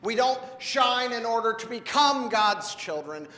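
High, bright-voiced pastor in an echoey church. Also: male voice, animated, measured pace. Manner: gentle, asks a child questions. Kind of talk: children's sermon. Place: church sanctuary. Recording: echoey hall with long reverb.

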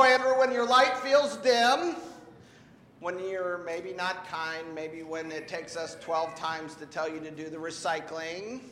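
High, bright-voiced pastor in an echoey church. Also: male voice, slight background noise. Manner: gentle, asks a child questions. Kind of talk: children's sermon. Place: church sanctuary. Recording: echoey hall with long reverb.

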